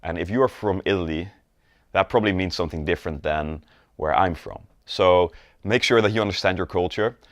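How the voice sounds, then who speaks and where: Demonstrating gestures and postures while he talks, a sales coach delivers a conversational video lesson with frequent check-ins with the viewer. His low voice moves fairly quickly. The studio-quality recording has no echo.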